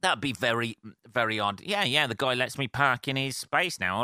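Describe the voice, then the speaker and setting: A sweary man rants alone into a close podcast mic, rambling and laughing at himself. His voice is bright and forceful, and the sound is dry with no room around it. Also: mid-range voice, expressive, normal speed, no room sound. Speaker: podcast host. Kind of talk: casual solo podcast rant.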